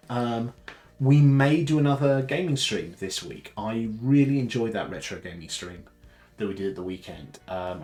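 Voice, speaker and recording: A man's voice: fairly low pitch, a little mellow. A man chatting casually on a live stream from home, enthusiastic and rambling. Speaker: streamer hosting a lunchtime chat.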